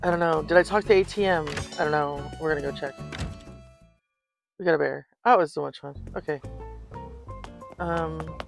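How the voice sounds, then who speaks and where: This older woman, streaming a life-sim game, is a chatty storyteller who keeps laughing as she talks casually about the gameplay. Her low voice has vocal fry, moves at a normal speed with frequent pauses, and sits over soft background music.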